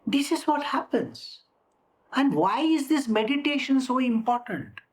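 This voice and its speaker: Give me a woman with a fairly high, animated voice, slowly explaining a scripture. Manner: deliberate, repeats phrases, acts out examples. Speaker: spiritual teacher.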